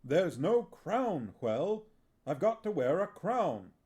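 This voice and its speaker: A man's voice: a little high, big pitch swings, takes it slowly, mellow, voice pushed up. A man playing a fretful young actor. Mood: worried. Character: anxious young male actor.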